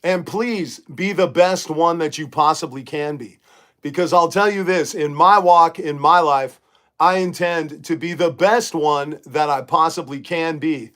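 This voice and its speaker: A man's voice: on the high side, a little slow, fairly bright tone. A middle-aged man hosting a casual livestream from his bedroom, talking emphatically and reading viewer comments aloud. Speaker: livestream host. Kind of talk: casual live-chat monologue.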